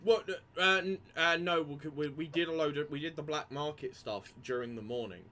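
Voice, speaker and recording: A man's voice: fairly high pitch, brisk, bright, forceful tone. A man playing in a tabletop game, joking, laughing easily and repeating himself. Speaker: player. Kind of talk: casual tabletop game chat.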